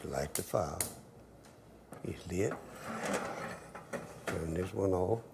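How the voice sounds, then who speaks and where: Gravelly older cooking host. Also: male voice, low-pitched, very slow, very noisy. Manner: easygoing, joking, dialect grammar. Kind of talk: folksy cooking demonstration with storytelling.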